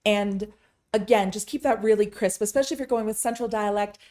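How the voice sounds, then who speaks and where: Woman, language teacher, mellow voice, chatty with dry asides. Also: mid-range voice. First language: English. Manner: chatty, wry asides, slows down to demonstrate crisp vowels. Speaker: Tibetan language teacher and interpreter. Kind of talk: casual language lesson to camera.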